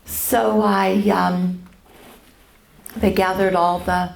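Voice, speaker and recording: An older woman sharing her personal faith testimony at a church event, halting, with many pauses and fillers. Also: mid-range voice, little pitch movement, creaky, roomy sound, a little hiss or hum.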